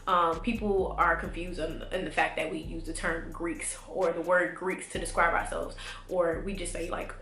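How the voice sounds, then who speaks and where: A woman's voice: on the low side, flat delivery, normal speed, fairly bright tone, a little hiss or hum. A young woman vlogging to camera in a casual, rambling way with lots of fillers, a little congested. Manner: chatty, rambling, many fillers. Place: home room. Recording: echoey room.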